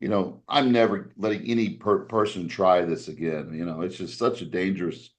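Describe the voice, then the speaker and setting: Low-voiced guy on a podcast, rambling story, keeps restarting, does the voices of people he's quoting. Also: normal speed. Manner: animated, acts out quoted voices with raised pitch.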